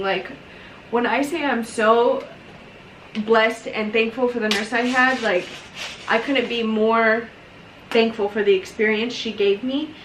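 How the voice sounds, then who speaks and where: A young woman tells a long personal story while she does her makeup, chatty and emotional, with "like" in almost every sentence. Her voice sits a little high. The sound is roomy and comes from a mic set some distance away, with a faint hiss behind her. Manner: chatty, filler-heavy, emotional retelling. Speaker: vlogger.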